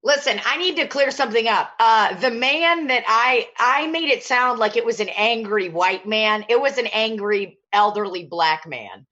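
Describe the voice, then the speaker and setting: A woman hosting a podcast in casual chat, telling animated stories and swearing freely. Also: a little high, moderate pace, few pauses, highs cut off. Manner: chatty storyteller, swears freely, animated retelling. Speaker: podcast host.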